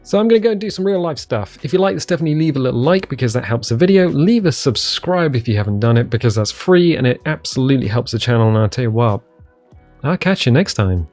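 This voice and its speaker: A man's voice: mid-range voice, expressive, fast talker, darkish tone, soft background music. A man with an English accent talking casually to camera in a vlog from his living room, rambling and self-deprecating with many ums and restarts. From England. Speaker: vlogger.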